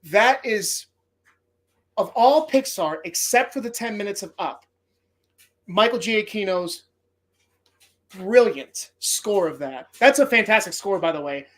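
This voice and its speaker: A man's voice: sits high, animated, unhurried, pauses often, a bit bright. A man hosting a movie podcast, talking casually in a rambling, heartfelt way and swearing often. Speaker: podcast host.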